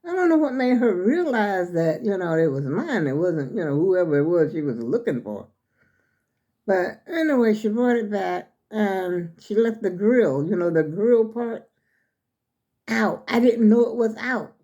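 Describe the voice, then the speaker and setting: A woman's voice: mid-range voice, animated, unhurried, dark tone, dull audio. Rambling older woman, out of breath. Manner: chatty and rambling, addresses viewers as y'all. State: a little out of breath. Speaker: vlogger showing her clothes. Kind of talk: casual chat to viewers.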